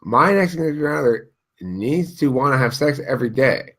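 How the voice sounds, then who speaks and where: Man, husky, middle pitch, blunt, crude, emphatic, casual chat. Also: lively intonation, fairly quick, a bit bright.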